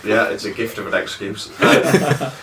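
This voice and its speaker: A man's voice: on the low side, expressive, unhurried, fairly bright tone, distant mic, slight background noise. A man hosting a casual film review, rambling with lots of fillers and restarts, recorded in an echoey room some way from the mic. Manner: rambling, hesitant with many fillers. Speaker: podcast host reviewing a film.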